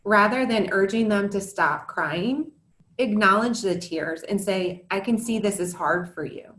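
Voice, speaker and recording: A woman's voice: medium pitch, a little slow, fairly bright tone, echoey room. Woman giving an earnest scripted parenting talk. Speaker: educator and parent presenter. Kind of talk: prepared webinar talk to parents.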